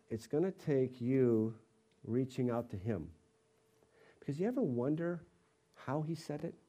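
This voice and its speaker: Middle-aged male pastor, sermon delivery, warm mellow timbre, mid-range pitch, acts out quoted voices. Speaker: pastor of a college fellowship.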